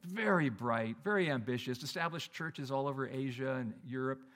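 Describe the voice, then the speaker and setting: A middle-aged man preaching a sermon in a conversational, animated way, often restarting his sentences. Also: medium pitch, moderate pace. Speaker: pastor.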